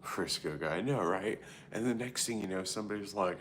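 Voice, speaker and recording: With a deep, fairly bright voice and a slightly fast delivery, a man in his thirties rambles through a candid livestream chat as slight noise sits behind him. Profanity comes easily, he keeps saying "like" and breaking off mid-thought, and he responds to viewers along the way.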